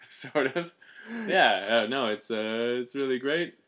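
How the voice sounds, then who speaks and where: A man's voice: medium pitch, animated, takes it slowly, a bit bright, a little hiss or hum. A man co-hosting a podcast, chatting in a laid-back, rambling, playful way. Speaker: podcast co-host. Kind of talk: casual comedic chat with improvised interview.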